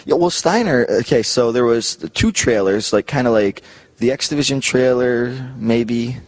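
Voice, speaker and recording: A man's voice: mid-range voice, moderate pace. A man from Canada in his thirties, telling backstage stories in a casual interview, laughing often and acting out the people he quotes. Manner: animated, laughs a lot, acts out quoted voices. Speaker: guest. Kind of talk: casual storytelling.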